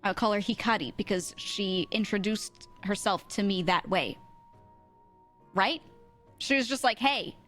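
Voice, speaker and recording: A woman's voice: medium pitch, normal speed, long pauses, a bit bright, faint music behind. A young woman streamer chatting casually, laughing often and mimicking how others pronounce words. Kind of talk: casual chat.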